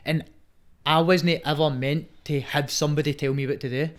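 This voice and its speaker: A man's voice: on the high side, steady tone, moderate pace. A young man with a Scottish accent, chatting as a podcast guest, swearing a lot, emphatic, and ending nearly every sentence with "mate". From Scotland. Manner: says mate constantly, swears heavily, emphatic. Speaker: guest, Muay Thai fighter. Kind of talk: casual podcast chat.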